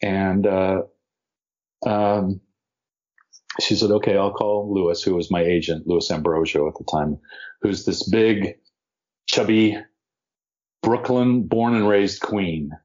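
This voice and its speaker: A man tells a casual anecdote from his acting days, his speaking voice sitting on the lower side. He slips into the other people's voices as he quotes them. The recording sounds dull and lo-fi. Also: slow, long pauses. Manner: animated, acts out quotes of others. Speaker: actor telling a story. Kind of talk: casual storytelling.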